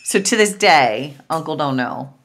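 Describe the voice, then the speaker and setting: A woman co-hosting a casual podcast chat, reacting to a story with short, quick interjections. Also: deep voice, lively intonation, heavy background noise. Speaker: podcast co-host.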